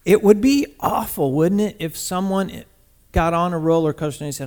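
A man preaching a sermon in a conversational, animated way, speaking directly to his congregation and swinging from loud bursts to quiet asides. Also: high-pitched, normal speed. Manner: talks to the congregation directly, calling on people by name.

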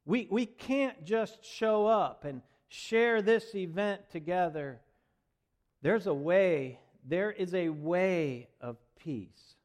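A male pastor delivering a sermon in a fairly high voice at an unhurried pace. He surges into loud, ringing proclamations, then drops to hushed, tender phrases. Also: expressive.

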